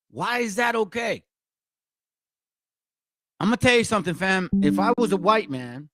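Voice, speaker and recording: A man's voice: sits high, lively intonation, unhurried, long pauses, a bit bright, no room sound, clean studio sound. A man, hosting a blunt, confrontational and profane commentary for viewers. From Mexico. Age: 40s. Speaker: channel host.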